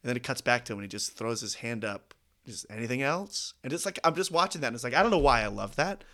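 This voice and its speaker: A man co-hosting a podcast, talking casually and excitedly about a film, laughing often and swearing now and then. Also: medium pitch, quick pace. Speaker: podcast co-host.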